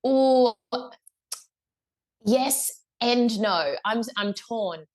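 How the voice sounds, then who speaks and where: A woman's voice: fairly high pitch, lively intonation, extremely slow, darkish tone. A young woman with an Australian accent, a guest musician telling a story in a casual interview, chatty, laughing often, with lots of fillers and restarts.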